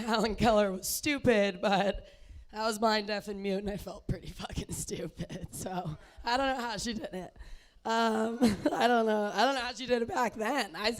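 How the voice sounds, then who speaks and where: A female comedian with a mid-pitched voice doing a stand-up set at a comedy club. She is scattered and self-deprecating and fills pauses with ums.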